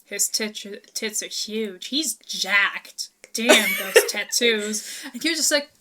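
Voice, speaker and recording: A woman's voice: medium pitch, animated, takes it slowly, hardly any pauses, sharp tone. A woman co-hosting a book club podcast, sarcastic and exasperated about the story. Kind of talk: casual book discussion.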